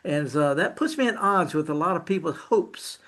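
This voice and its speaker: Blunt older garden expert. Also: male voice, a little high, animated, a bit bright. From Mississippi Delta. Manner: down-to-earth, blunt, halting. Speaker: gardening show host. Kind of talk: casual radio chat.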